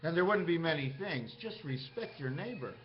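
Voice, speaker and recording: A man's voice: a little high, expressive, moderate pace. Rambling man, muffled lo-fi sound. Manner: rambling, jumps between topics, asks himself questions. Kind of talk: rambling monologue to camera. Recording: muffled lo-fi recording with faint music.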